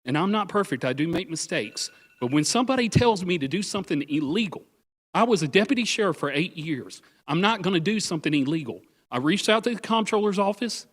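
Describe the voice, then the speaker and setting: A man with a drawl speaks at a committee podium in a county meeting room. His voice sits a little high, and it turns emotional and pleading. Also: animated, a little fast, slightly rough, long reverb tail. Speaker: residential appraiser speaking at public comment. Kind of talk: public comment at a committee meeting.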